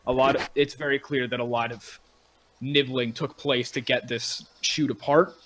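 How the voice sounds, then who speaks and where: A man's voice: medium pitch, level tone, moderate pace, noisy background. A man narrating as game master in a casual online tabletop game, loose and rambling. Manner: loose and rambling, with many fillers.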